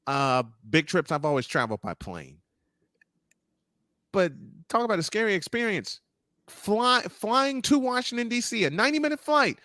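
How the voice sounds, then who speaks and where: A male podcast host telling an animated personal story with frequent laughs and quoted inner thoughts. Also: mid-range voice, no echo, clean studio sound. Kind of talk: casual interview chat.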